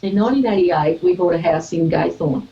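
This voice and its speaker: Aussie woman storytelling, lower voice, muffled lo-fi sound. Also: a little fast, warm tone. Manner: storytelling, laughs easily. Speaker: guest. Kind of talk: casual chat.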